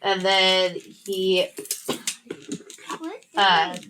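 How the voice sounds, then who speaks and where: A woman co-hosting a podcast, chatting casually and retelling a book's plot with lively quotes. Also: mid-range voice, extremely slow, noisy background. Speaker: podcast co-host. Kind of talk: casual book chat.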